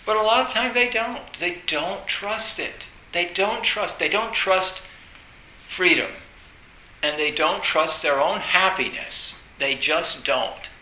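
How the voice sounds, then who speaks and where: A man giving a Zen dharma talk, telling personal stories in a halting way, restarting words and laughing now and then. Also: high-pitched, bright, forceful tone. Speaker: Zen teacher. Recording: echoey room with faint hiss.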